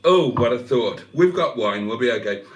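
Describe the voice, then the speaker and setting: A man's voice: mid-range voice, animated, moderate pace, muffled recording. A man, hosting a casual livestream, reading out comments and swearing freely with self-mocking humour. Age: 50s. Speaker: livestream host.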